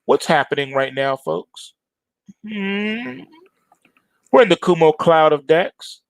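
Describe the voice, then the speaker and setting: A man's voice: fairly high pitch, normal speed, no room sound. A middle-aged man hosting a trading show, giving emphatic, repetitive chart commentary straight to his viewers. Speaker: trading analyst host.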